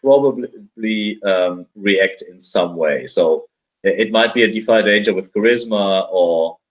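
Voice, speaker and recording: Slow, hesitant game master with a low voice. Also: male voice, highs cut off. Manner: hesitant, many fillers and restarts. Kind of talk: running a tabletop game over a call.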